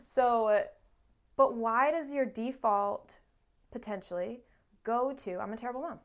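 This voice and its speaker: A woman therapist talking in a relaxed podcast chat, with a voice that sits a little high. She talks in an animated way and acts out what clients and children say. She swears casually as she goes. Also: measured pace. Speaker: therapist guest.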